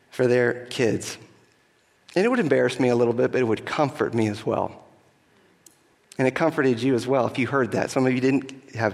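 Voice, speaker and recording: A middle-aged man preaching a sermon as pastor, earnest, asking the congregation questions and slowing down to stress key phrases. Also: medium pitch. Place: church sanctuary. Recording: long reverb of a large hall.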